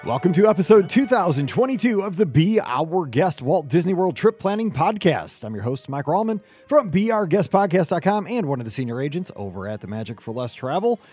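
Energetic man hosting a podcast. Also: fairly high pitch, fairly quick, few pauses, faint music behind. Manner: energetic, enthusiastic. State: voice slightly hoarse from cheering. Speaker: podcast host. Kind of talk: upbeat podcast chat.

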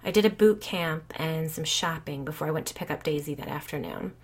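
Low-voiced woman narrating a story. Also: brisk, slightly rough. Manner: dry, conversational, wry.

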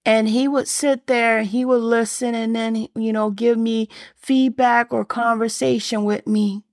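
A woman's voice: fairly high pitch, fairly even intonation, a little slow, no echo, studio quality. A middle-aged woman giving a heartfelt faith testimony, earnest and rambling, full of fillers. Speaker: speaker sharing faith testimony.

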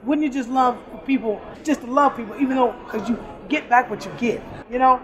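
A woman's voice: on the high side, fairly quick, muffled recording. A middle-aged woman who works at an airport store, talking in a casual, upbeat interview and laughing often. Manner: warm, upbeat, laughs often, preachy asides. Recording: crowded airport background. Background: crowd chatter.

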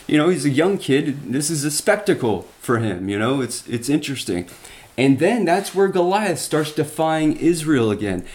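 A man with a slightly higher voice is teaching from the Bible. He tells the story in an animated way, breaking off and restarting as he goes, and talks straight to his listeners. Now and then his voice climbs when he gets worked up. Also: moderate pace. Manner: animated retelling with frequent restarts and asides. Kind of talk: sermon.

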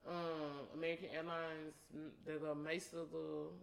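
A young adult woman co-hosting a podcast, blunt, profane and excitable in casual chat. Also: low voice, normal speed, creaky, low-quality recording. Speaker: podcast co-host.

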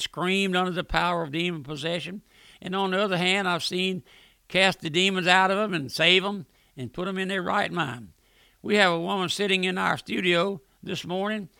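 A man's voice: sits high, gravelly, sharp tone, no room sound. An older man preaching a folksy, earnest radio sermon from a studio.

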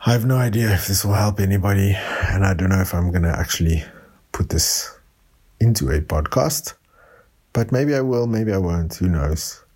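A man from South Africa recording a rambling late-night voice note for his podcast, speaking softly after drinking wine. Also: low voice, normal speed, husky. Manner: soft-spoken, rambling. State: tipsy from wine. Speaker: podcast host. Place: room at home.

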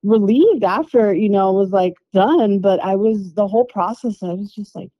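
A woman guest telling a personal story in a podcast interview, candid and animated, swearing freely. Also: medium pitch, normal speed, dry recording, highs cut off. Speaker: interview guest, spiritual healer.

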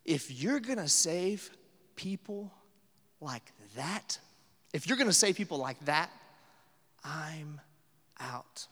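A man's voice: fairly high pitch, animated, slow, long pauses, fairly bright tone, full character voice. A petulant grown prophet, sulky and dismissive as he washes his hands of things, as a male preacher puts him on. The voice rings out with a long hall reverb.

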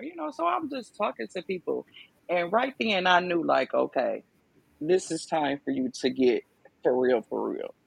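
Gravelly-voiced woman telling her story. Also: deep voice, no echo. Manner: emphatic, conversational, lots of fillers. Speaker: podcast guest. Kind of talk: casual testimony.

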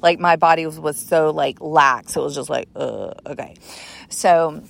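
A woman's voice: low-pitched, fairly even intonation, moderate pace, vocal fry. A woman podcast host telling a personal story in a casual, earnest, rambling way, leaning on filler words.

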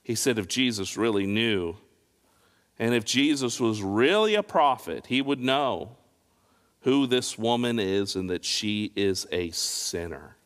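A male pastor preaches a sermon that rises and falls dramatically in emphasis, punctuated by pointed rhetorical questions, with the long reverb of a large hall behind him. His voice is on the low side and fairly bright, animated yet a little slow.

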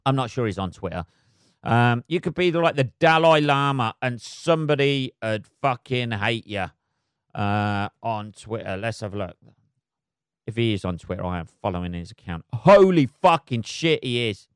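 A man's voice: fairly low pitch, normal speed, smooth, dry recording, studio quality. A man hosting a solo podcast, swearing constantly and rambling sarcastically. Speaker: podcast host.

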